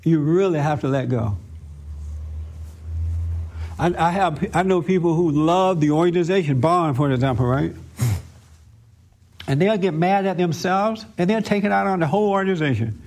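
A man with a fairly high-pitched voice teaches about faith and the mind, pressing each point with insistent repetition. He talks straight to his listeners in a counseling manner. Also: moderate pace, long pauses, a little mellow. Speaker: spiritual teacher. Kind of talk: spiritual counseling talk.

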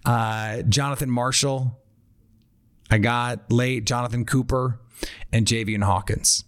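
A man's voice: medium pitch, steady tone, slow. A man hosting a football talk show, thinking aloud and breaking down draft picks in a conversational way. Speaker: football analyst host. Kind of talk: casual draft analysis talk.

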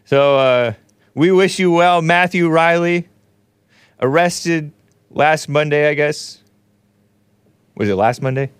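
A man in his forties hosts a show, offering casual, wry commentary on news clips with sarcastic asides. His voice is smooth and fairly high, and he speaks slowly with frequent pauses in a dry recording.

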